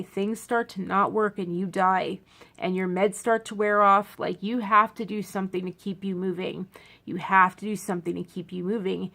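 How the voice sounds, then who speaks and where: Woman vlogger, young adult, gravelly fry in her voice, tired and sore, rambling, emphatic repeats. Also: medium pitch, steady tone, moderate pace, a bit bright. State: tired and in pain after a procedure. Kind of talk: casual talk to camera.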